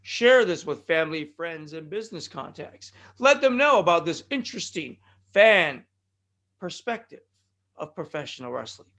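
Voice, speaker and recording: High, bright-voiced rambling podcast host man. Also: sing-song, normal speed. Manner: joking, self-deprecating, rambling with tongue-tied restarts. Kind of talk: rambling solo podcast monologue. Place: California.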